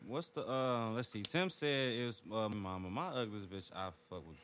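A man co-hosting a casual podcast chat who talks in an animated way, his voice jumping high when excited. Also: normal speed, a little hiss or hum. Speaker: podcast co-host.

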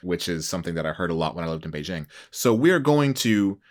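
A man with a low voice leads a chatty language lesson. His intonation rises and falls widely, and he sounds playful and animated, ready to laugh or feign alarm at a tricky point. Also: fast talker. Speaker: host.

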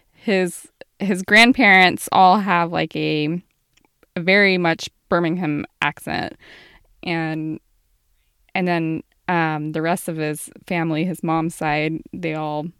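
A woman's voice: lowish voice, clean tone, dry recording, clean studio sound. A woman from the American South with a faint Southern accent, hosting a casual podcast chat and laughing easily. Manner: unhurried, laughs easily, chatty. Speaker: podcast host.

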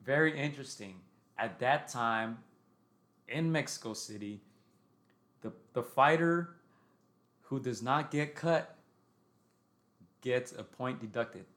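A man's voice: mid-range voice, slow, pauses often, a bit bright. A man co-hosting a casual boxing podcast, recounting a fight blow by blow and checking in with "right?". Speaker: podcast co-host.

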